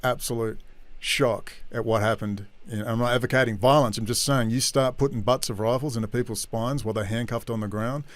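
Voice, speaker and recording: A man's voice: mid-range voice, steady tone, brisk, dry recording. An Australian man hosting a casual live-stream chat, talking in a rambling, blunt, slangy way. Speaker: host of a live online chat.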